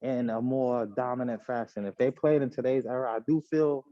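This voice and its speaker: A man co-hosting a podcast, giving his take on basketball in a measured, casual way, often checking in with "right?". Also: fairly even intonation, no room sound. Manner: measured, hedging with "right?" and "you know". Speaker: podcast co-host. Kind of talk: casual sports debate. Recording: dull low-fi home podcast audio.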